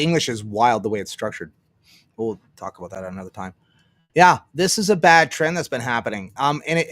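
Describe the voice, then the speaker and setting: A man's voice: medium pitch, a bit bright, dry recording. Rambling, sarcastic man livestreaming. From Canada. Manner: rambling, sarcastic, mutters while searching. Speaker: livestream host. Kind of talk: casual solo livestream commentary.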